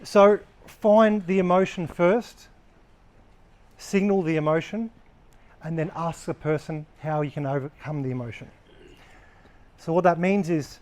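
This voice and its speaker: Male workplace trainer, slightly higher pitch, blunt and casual, swears, talks to a live group. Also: a little slow, pauses often, a little mellow.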